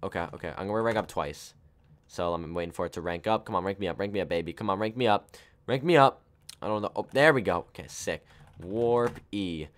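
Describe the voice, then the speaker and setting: A young gaming YouTuber casually tells a personal story while he plays, rambling with lots of fillers and self-corrections. His voice is deep and brisk.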